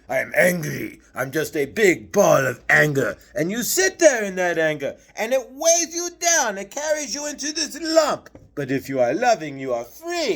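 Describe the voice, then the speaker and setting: A man's voice: sits high, a bit bright, heavily acted. A man channeling a patient, preachy male spirit master, lecturing through earnest rhetorical questions.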